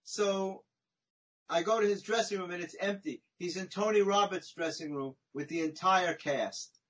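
Guy with a kinda high raspy voice spinning a story on a podcast, chatty, keeps saying right? you know?. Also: normal speed, low-quality recording. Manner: animated, chatty anecdote telling with frequent "right?" and "you know?". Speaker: podcast guest. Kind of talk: conversational storytelling.

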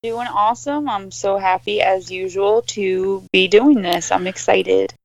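A woman's voice: mid-range voice, measured pace, gravelly, no echo, low-quality recording. Chatty young woman from New Jersey. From northern New Jersey. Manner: chatty, says "like" often, laughs easily. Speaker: guest. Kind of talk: casual interview chat.

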